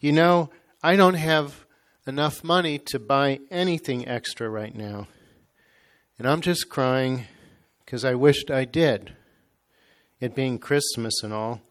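A man's voice: mid-range voice, slow pace, lightly acted. A man reading a story aloud, voicing a poor, tired mother with plain homespun speech. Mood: tender. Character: poor, weary young mother, stern then tender.

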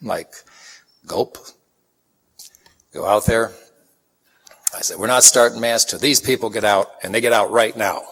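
A man's voice: on the low side, unhurried, long pauses, husky. A man from Chicago giving a sermon, telling folksy stories and acting out the people in them. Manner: folksy, animated anecdotes with acted-out quotes. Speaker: preacher. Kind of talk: sermon with storytelling. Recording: long hall reverb.

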